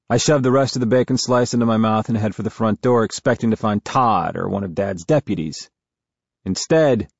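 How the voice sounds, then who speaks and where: A man narrating a first-person novel as an audiobook in a steady, measured way. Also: lowish voice, creaky, no echo, dull audio.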